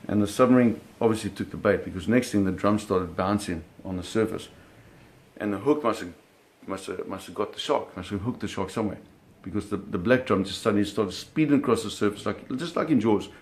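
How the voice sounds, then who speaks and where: A man telling a personal story in an animated, vivid way, often restarting his phrases. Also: lowish voice, fairly quick.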